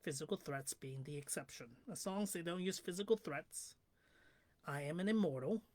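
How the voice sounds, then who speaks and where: A woman livestreamer thinking aloud in a slow, musing monologue that sometimes drifts into a whisper. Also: deep voice, darkish tone. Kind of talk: reflective spoken monologue.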